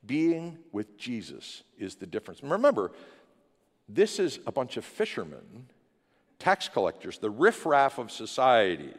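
A man preaching a sermon as pastor, building from a steady teaching tone into loud, impassioned declarations. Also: medium pitch, unhurried. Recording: long hall reverb in a church.

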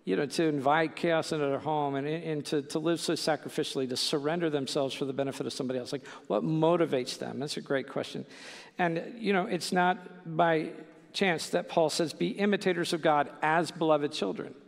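Casual male preacher, middle-aged, gravelly and slightly high, echoing through a church hall. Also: a little fast. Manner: conversational, with many fillers and "right?" asides. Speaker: pastor. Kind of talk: sermon.

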